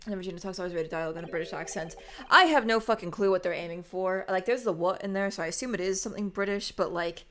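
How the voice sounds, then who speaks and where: A woman's voice: fairly low pitch, fast talker, hardly any pauses, a bit bright. A woman streamer giving casual commentary on a game, swearing freely and laughing often. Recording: game music playing under the voice.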